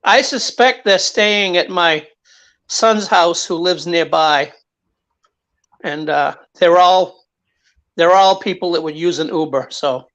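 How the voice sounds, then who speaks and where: A man chatting on a live stream, halting and self-deprecating. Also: sits high, a bit bright. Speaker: guest. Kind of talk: casual live-stream chat.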